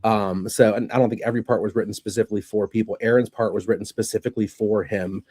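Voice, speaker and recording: A man's voice: on the low side, fairly even intonation, fast talker, warm tone, no echo, studio quality. A man hosting a casual podcast chat, an actor telling stories with lots of restarts. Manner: chatty, storytelling, many restarts.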